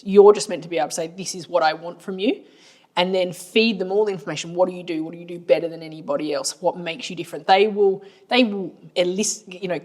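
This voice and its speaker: A woman's voice: on the low side, a little mellow. An Australian woman co-hosting a business podcast, talking casually as a marketing agency owner with a blunt, colloquial, storytelling manner.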